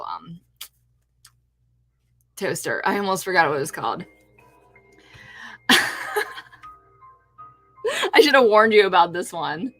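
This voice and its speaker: A woman from California, a streamer who makes fake food, has a lowish, slightly bright voice. Casually chatting on her livestream as she shows off her crafts, she rambles, keeps restarting, and seems delighted with herself.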